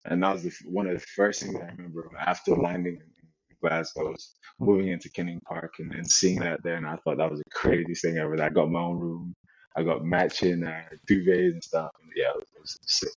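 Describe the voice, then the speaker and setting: A young man from Nigeria, a football player, telling his story in a relaxed interview chat with many restarts. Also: sits low, brisk, vocal fry, breathy edge, no echo. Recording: dull lo-fi sound.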